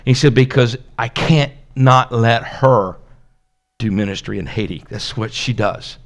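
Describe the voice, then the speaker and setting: In church, a pastor gives a conversational sermon built around a personal story. His voice sits at medium pitch and moves at a measured pace, and he acts out the dialogue and laughs now and then.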